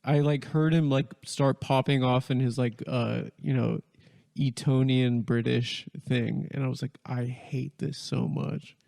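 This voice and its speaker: Man with a gravelly voice telling rambling stories. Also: medium pitch, little pitch movement, unhurried, warm tone. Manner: rambling storyteller, fillers, self-corrections. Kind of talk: casual podcast chat.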